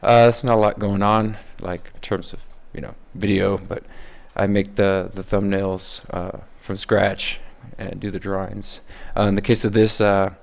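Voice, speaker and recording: A man's voice: on the low side, little pitch movement, unhurried, gravelly, few pauses. A man talking casually about how he makes his voice videos, hesitant with many fillers. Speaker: voice-impression creator. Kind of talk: casual behind-the-scenes commentary.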